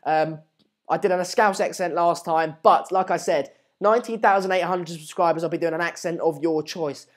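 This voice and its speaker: A man's voice: a little high, moderate pace. Chatty young man streaming live. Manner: chatty, reads out and answers viewer messages, many fillers and restarts; excitable bursts during match updates. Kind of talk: casual live watchalong commentary and chat.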